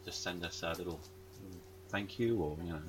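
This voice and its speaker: A man's voice: low-pitched, normal speed, crowd noise, low-quality recording. A man hosting a podcast in casual chat, rambling with lots of ums and jokey asides. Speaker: podcast host.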